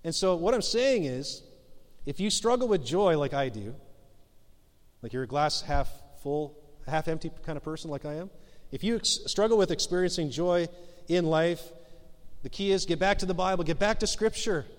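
A man in his forties preaches a sermon in a casual, self-mocking way and builds to earnest urging. His voice sits a little high. The sound carries a long reverb, as if recorded in a large church hall. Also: lively intonation, moderate pace. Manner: conversational, self-deprecating, rises to emphatic exhortation. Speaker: pastor.

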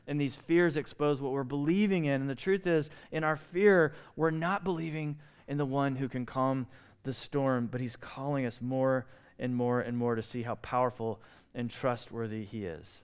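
A man's voice: mid-range voice, fairly even intonation, normal speed, clean tone. Impassioned man preaching a sermon. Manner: impassioned, pleading preaching with rhetorical questions. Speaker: pastor.

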